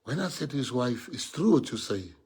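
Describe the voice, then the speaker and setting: A man's voice: mid-range voice, very animated, a little fast, a little mellow, husky. A man with a South African accent, a party leader giving a heartfelt speech to his members, earnest and repeating key phrases for emphasis.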